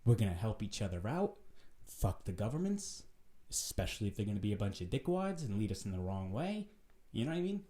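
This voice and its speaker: A man hosting his own vlog, delivering a profane, animated rant in a casual, preachy way. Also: lowish voice, a little fast. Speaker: vlog host. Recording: roomy echo.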